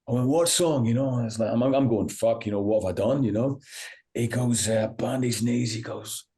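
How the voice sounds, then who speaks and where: A male rock musician chats through a relaxed interview, spinning long anecdotes. He keeps restarting his sentences and dropping in "you know", and he acts out what other people said as he goes. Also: medium pitch, moderate pace. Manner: animated anecdote-teller, acts out quoted voices, many restarts and "you know". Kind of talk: casual interview storytelling.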